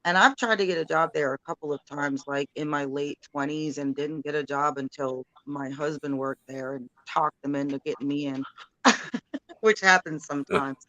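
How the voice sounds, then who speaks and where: Bright, chatty woman in her thirties. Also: low-pitched, normal speed, no room sound, dull audio. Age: 30s. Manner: chatty, rambling, giggly. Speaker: guest. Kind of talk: casual chat.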